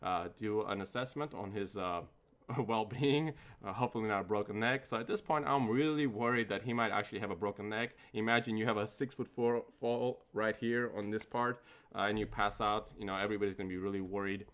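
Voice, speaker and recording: A man's voice: fairly low pitch, a little fast, fairly bright tone. A man hosting a channel, telling a personal story in a rambling way with many fillers and frequent laughs. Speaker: gaming channel host. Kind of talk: storytelling vlog.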